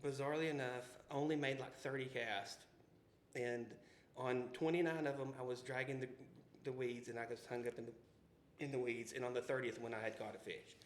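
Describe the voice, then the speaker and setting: A podcast co-host with a Southern US accent spins rambling, folksy stories in casual chat, full of restarts, asides, and plenty of "you know." His medium-pitched voice stays steady and moves fairly quickly. The room has a roomy echo, faint background ambience, and slight noise.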